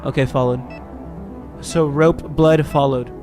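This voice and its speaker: Over music, a young man with a fairly high voice and fairly even intonation comments on a horror game he's live-streaming, at a measured pace. He works through its puzzles by talking to himself and joking.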